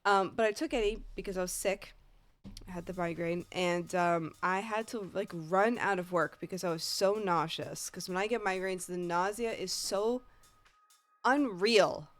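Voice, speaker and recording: A woman's voice: fairly low pitch, moderate pace, soft background music. A woman with a Northeast American accent, a streamer telling a rambling, profane story in casual chat. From Northeast United States.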